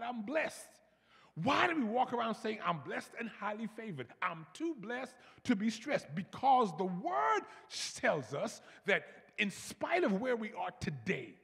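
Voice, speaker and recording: Gravelly high-voiced man preaching in a hall. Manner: animated preaching, repeats words, leads congregation call-and-response. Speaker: pastor. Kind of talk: sermon. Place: large church.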